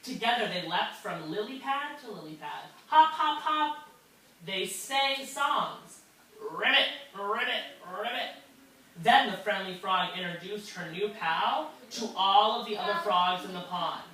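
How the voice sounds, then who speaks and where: Brief: animated woman teacher, bright tone, reading in an echoey classroom from a distance. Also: mid-range voice, moderate pace, few pauses. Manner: lively, expressive storytelling. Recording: echoey classroom, mic far off.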